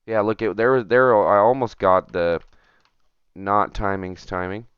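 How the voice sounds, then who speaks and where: A man talks his way through a retro game for his stream audience, chatty and self-talking, muttering whenever frustration sets in. His lowish voice is unhurried and clean. It's a dry recording with the highs cut off.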